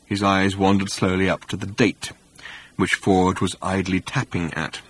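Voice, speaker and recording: A man narrating an audiobook with wry, animated storytelling, recorded on a close studio mic. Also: low voice, measured pace, slightly rough, no room sound.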